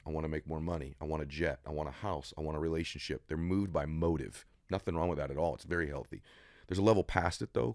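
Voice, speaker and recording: Deep, emphatic motivational speaker man. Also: no echo, clean studio sound. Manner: emphatic, preacherly, building to intensity. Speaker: podcast guest. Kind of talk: motivational interview talk. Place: studio room.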